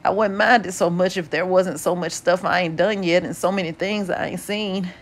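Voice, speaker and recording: A woman voicing a weak, frightened teenage boy lying hurt in a hospital bed, speaking quietly and shakily. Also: on the low side, fairly even intonation, normal speed, voice pushed up, natural voice. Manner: quiet, strained and shaky.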